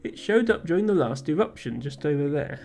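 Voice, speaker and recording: A woman's voice: low-pitched, lively intonation, fairly quick, a little mellow, faint music behind. A woman reading the lines of a cheerful male hotel host on a volcano, in her own plain voice without any accent. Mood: welcoming.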